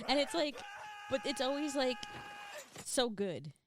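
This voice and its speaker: A woman's voice: high-pitched, very animated, a little slow, background noise. A woman co-hosting a casual podcast chat, giggly and chatty, with plenty of fillers. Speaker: podcast co-host.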